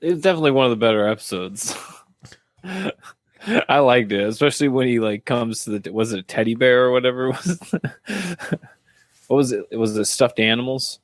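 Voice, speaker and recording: A man's voice: mid-range voice, animated, moderate pace, no echo. A man co-hosting a podcast in casual chat, laughing often and speaking in an offhand, unsure way. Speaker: podcast co-host.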